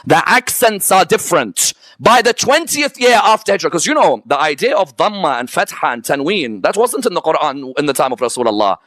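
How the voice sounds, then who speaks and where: A man with a fairly high, somewhat bright, very animated voice gives a religious history lecture to a live audience, with no room sound. He often asks rhetorical questions, checks in with "yes?" and "correct or no?", and lists items one by one in a slow, emphatic way.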